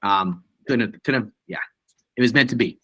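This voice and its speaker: A man's voice: medium pitch, moderate pace, sharp tone, husky, dry recording. A man hosting a team video meeting, upbeat and full of praise. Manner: upbeat, effusive praise, says awesome often. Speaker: meeting host.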